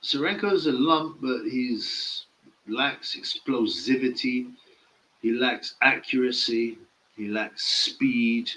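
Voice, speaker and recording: A man's voice: medium pitch, takes it slowly, bright, forceful tone, low-quality recording. A man giving casual live-stream boxing commentary, blunt, mocking and opinionated.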